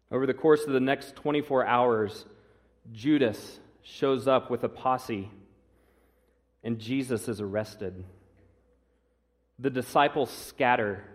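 Male pastor, sermon, measured delivery, mid-pitched voice, long church reverb. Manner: measured, slows down on key phrases, some fillers. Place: church sanctuary.

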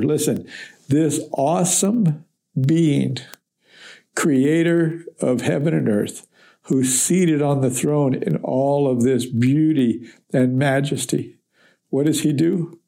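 A man's voice: medium pitch, vocal fry. A man giving a reflective, conversational verse-by-verse Bible teaching as a podcast teacher. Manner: reflective, conversational, with gentle fillers.

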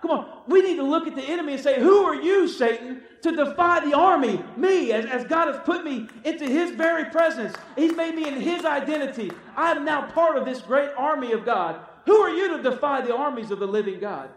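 A man's voice: extremely high pitch, expressive, a little fast, few pauses. A man preaching a sermon, exhorting his listeners with repeated calls of "come on" and acting out the quotes he tells. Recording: echoey room from far off.

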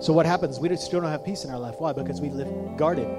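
A man preaching a sermon as a pastor, animated, acting out the voices of people he quotes. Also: fairly high pitch, fast, over loud music.

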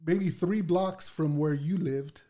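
Man veteran guest, calm reflective talker, a bit high-pitched. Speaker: podcast guest, military veteran. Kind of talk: casual podcast chat.

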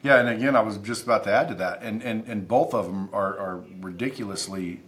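A man's voice: fairly low pitch, a little fast, fairly bright tone. Emphatic man telling stories as a guest. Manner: emphatic and intense, swears freely. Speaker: podcast guest. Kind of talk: casual interview storytelling.

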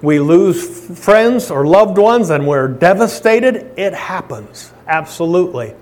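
A man preaches with a fairly high voice, his sermon rising into loud, declaring lines before falling to quiet, tender passages. He repeats and restarts phrases in a fervent pulpit cadence. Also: lively intonation, measured pace. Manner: swings from loud proclaiming to soft, hushed pleading. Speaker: pastor.

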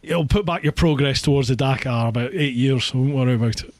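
A man's voice: mid-range voice, quick pace. A Scottish man hosting a casual chat over a call, chatty and self-deprecating, laughing often. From Scotland. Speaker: podcast host.

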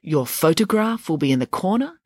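A woman voicing a calm, polite male security guard in a storybook, speaking in a measured, unhurried way. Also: deep voice, no room sound, studio quality.

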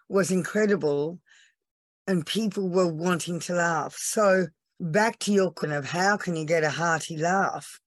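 A woman speaks slowly and earnestly, pausing often as she tells her story. She sounds teary and moved. Her voice is dry and close, with no room around it. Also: lowish voice, no echo. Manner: earnest and emotional, slow storytelling with pauses. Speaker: laughter yoga trainer, podcast guest. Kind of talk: podcast interview.

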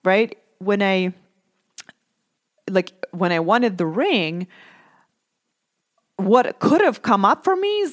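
A woman in her thirties talks straight to her listeners in a casual self-help monologue. Her voice sits in a middle pitch but leaps up and down with emphasis. She fills her talk with "like" and "right?" and sounds animated throughout. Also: slow, pauses often.

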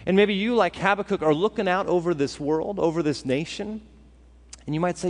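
Animated high-voiced male pastor preaching. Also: brisk. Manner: animated, acts out listeners' thoughts. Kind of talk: sermon. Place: church sanctuary. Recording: long hall reverb.

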